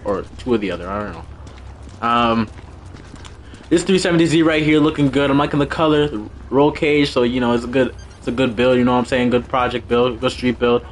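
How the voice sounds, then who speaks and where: A young man hosting a live car meet stream, talking casually and excitedly, often repeating short commands and laughing quickly. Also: medium pitch, a little hiss or hum. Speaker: livestream host running a car meet. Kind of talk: casual live game commentary.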